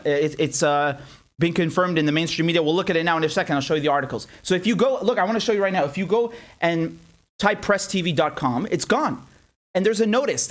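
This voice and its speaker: A young man hosting a live political commentary stream, animated and angry, swearing and joking as he talks. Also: high-pitched. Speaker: independent journalist and show host.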